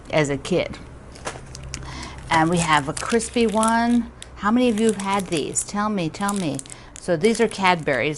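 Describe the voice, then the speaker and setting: A woman's voice: lowish voice, slight background noise. Chatty middle-aged woman unboxing. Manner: chatty and excitable, laughs often, trails off mid-sentence. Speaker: quilting channel host. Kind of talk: casual unboxing chat to camera.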